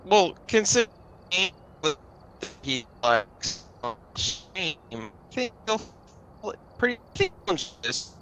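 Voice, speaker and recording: A man's voice: sits high, sing-song, slow pace, a bit bright, slight background noise. A man joking and bantering with friends during a game stream. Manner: joking, teasing. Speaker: player on stream. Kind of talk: casual banter.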